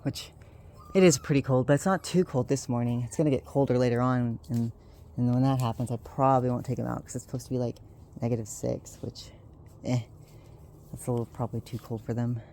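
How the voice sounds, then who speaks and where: Low-voiced woman herding puppies. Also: steady tone, a little fast, dark tone. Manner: coaxing and scolding puppies, often laughing and sighing. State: winded. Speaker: dog breeder filming her puppies. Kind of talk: casual vlog narration. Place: home and backyard, indoors and outdoors. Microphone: handheld video camera.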